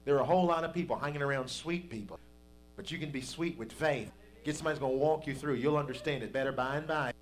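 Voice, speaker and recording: A man's voice: mid-range voice, fast, a little hiss or hum. A man preaching a sermon as pastor, in a folksy, conversational way that builds to emphatic peaks.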